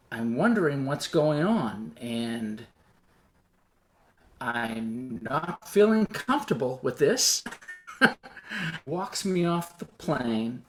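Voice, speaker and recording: A man telling a personal story on stage in an animated, self-deprecating way, acting out the dialogue as he goes. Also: mid-range voice.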